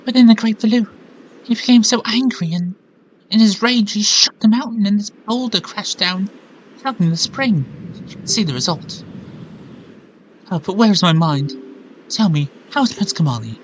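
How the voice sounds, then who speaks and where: Guy doing a polite bird-girl from a video game, voice pushed up high, earnest and sorry, hopping between fake accents. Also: animated, moderate pace, a bit bright, highs cut off, slight background noise. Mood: pleading. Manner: reads lines in shifting mock accents. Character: earnest young bird-woman attendant, apologetic. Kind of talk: reading game dialogue aloud.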